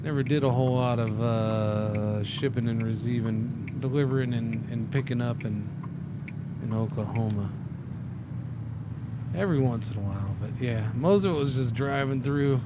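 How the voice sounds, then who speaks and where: A man's voice: medium pitch, heavy background noise. A man streaming a truck driving game, chatting casually and thinking aloud with many restarts.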